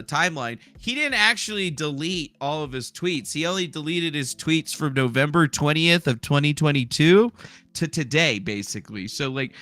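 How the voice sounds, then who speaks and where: A man's voice: fairly high pitch, pushed and bright, dry recording. A man hosting a casual commentary stream, rambling, sarcastic and profane. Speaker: streamer host.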